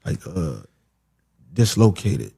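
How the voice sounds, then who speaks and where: Gravelly, relaxed man telling a story. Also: sits low, takes it slowly. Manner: animated, swears, acts out voices in his story. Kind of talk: casual storytelling.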